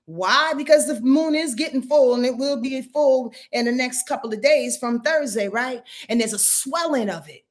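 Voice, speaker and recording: A woman's voice: high-pitched, moderate pace, few pauses. A woman giving a casual astrology forecast, talking in an earthy, emphatic way and swearing freely.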